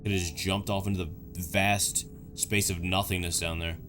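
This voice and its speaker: A man's voice: deep voice, little pitch movement, moderate pace, music in the background. A man giving casual, joking reaction commentary on videos, rambling through chatty asides.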